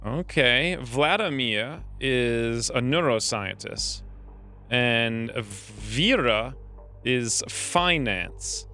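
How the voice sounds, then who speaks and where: A man's voice: medium pitch, animated, drawn-out words, sharp tone, soft background music. A man hosting a let's play video, giving casual, upbeat commentary and explaining his plans as he plays. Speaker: gaming channel host.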